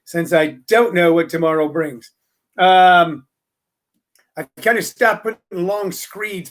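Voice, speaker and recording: Man hosting a wry, rambling comic monologue. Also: sits high. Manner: wry, joking, lots of ums and uhs. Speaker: podcast host and comedy teacher.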